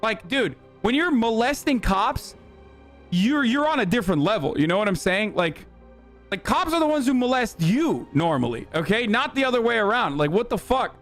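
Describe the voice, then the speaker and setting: A man reacting to news clips as a streamer, delivering rapid, profane, exasperated live commentary. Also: high voice, sing-song, a bit bright, soft background music.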